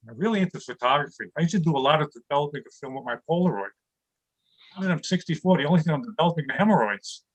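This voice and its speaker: Man in his 60s, from New York City, stand-up comic, video call from home studio, slightly high voice, chuckles at own jokes. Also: expressive, racing, lo-fi sound. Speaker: stand-up comedian.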